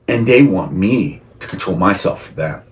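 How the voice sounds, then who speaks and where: Low-voiced man ranting, gets heated. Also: animated, moderate pace. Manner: rambling, gets heated and shouty; frequent restarts and repeated words. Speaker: vlogger. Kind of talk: personal monologue to camera.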